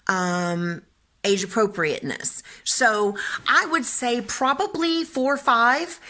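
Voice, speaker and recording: An older woman, a children's book author and grandmother, telling a lively story in casual talk and acting out voices as she goes. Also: a little high, takes it slowly. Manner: animated, chatty, acts out voices.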